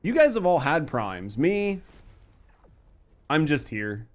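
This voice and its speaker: His voice is on the high side, sing-song and slow. This thirtysomething gamer jokes around and curses while streaming, reading viewers' chat out loud as he plays.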